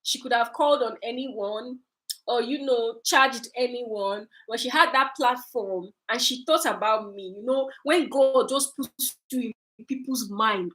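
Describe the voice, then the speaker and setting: A young woman, a candle maker, telling a story to her viewers in a casual, animated way, repeating phrases for emphasis. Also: a little high, a little slow, rough recording. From Nigeria.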